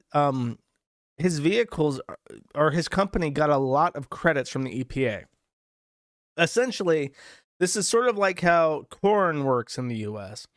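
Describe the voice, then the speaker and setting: A male streamer with a voice a bit higher than most men's, talking in a loose, sardonic way. His commentary rambles along, full of asides and fillers, and the sound is dry and close to the mic. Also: fairly bright tone, no room sound. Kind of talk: casual commentary reading posts.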